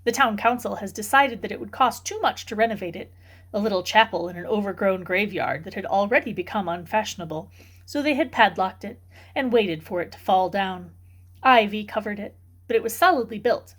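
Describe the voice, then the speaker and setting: A woman reads a novel aloud for a book club in a steady, clear storytelling manner. Her voice sits at a middle pitch and keeps an even narrating pace. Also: a little fast.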